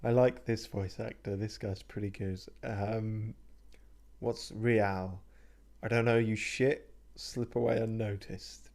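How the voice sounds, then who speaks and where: Man, lowish voice, casual game commentary, laughs a lot. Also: steady tone, slow pace, creaky, a little mellow. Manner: chatty, laughs often, reads out choices. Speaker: streamer. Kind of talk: casual let's play commentary.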